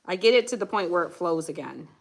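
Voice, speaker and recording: A woman's voice: on the low side, animated, fast, creaky. A woman chatting casually on a craft livestream, giggly and talkative, saying "y'all" often. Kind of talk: casual livestream chat while painting. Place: home craft room.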